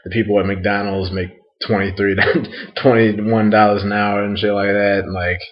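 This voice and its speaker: A young American man rambles in a loose, crude monologue, a little tipsy after a night out. He laughs often and leans on "like" and "um". His voice sits low, and the lo-fi home recording sounds dull. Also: flat delivery, normal speed. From United States.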